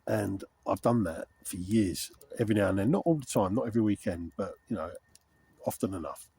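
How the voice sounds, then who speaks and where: A man's voice: fairly low pitch, fairly quick, mellow, slightly rough, no echo. A middle-aged man chatting candidly and rambling to camera while camping outdoors in a frosty wood. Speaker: wild camping vlogger. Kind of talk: casual rambling chat to camera.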